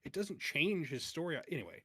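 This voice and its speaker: A man's voice: a little high, expressive, a little fast, a bit bright, husky, no room sound, studio quality. A man hosting a movie podcast in casual, jokey chat, laughing often. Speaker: podcast host and judge.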